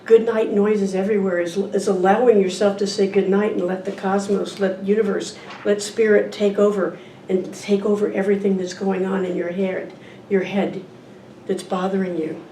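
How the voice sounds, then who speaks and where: A woman's voice: mid-range voice, flat delivery, normal speed, warm tone, a little hiss or hum. A woman giving an informal talk at a church service, reading from a picture book and asking the audience questions. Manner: conversational, asks the audience questions. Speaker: guest speaker at a church service. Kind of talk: informal sermon with a picture book read aloud. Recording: echoey room, distant mic, faint ambience.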